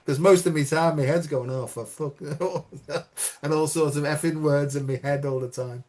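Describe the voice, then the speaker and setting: A man's voice: a little high, steady tone, normal speed, darkish tone. A man hosting a casual spiritual chat, telling stories animatedly, acting out quotes and swearing freely. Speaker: podcast host.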